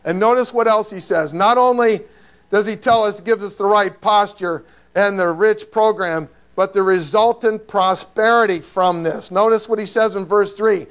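Male pastor, middle-aged, high voice; lively conversational sermon, asks the congregation questions. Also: normal speed, clear, resonant tone. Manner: animated, conversational preaching with rhetorical questions.

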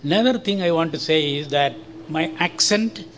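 An older man from India with a Malayalam-influenced Indian accent, giving a slow, careful church testimony. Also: fairly high pitch, fairly bright tone, a little hiss or hum. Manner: slow, careful, friendly with short laughs. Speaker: guest speaker giving testimony.

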